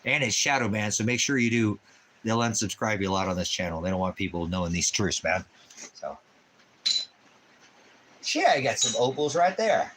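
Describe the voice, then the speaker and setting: Rambling, profane channel host with a low voice and faint room noise behind him. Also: male voice, sing-song, normal speed, long pauses. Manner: baby talk to his dog. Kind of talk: casual livestream chat.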